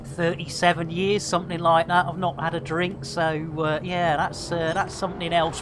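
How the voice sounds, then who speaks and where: A woman's voice: lowish voice, little pitch movement, moderate pace, hardly any pauses, background noise. A woman in her fifties streaming a game live, chatting with viewers in an exclamatory way and swearing freely. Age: 50s.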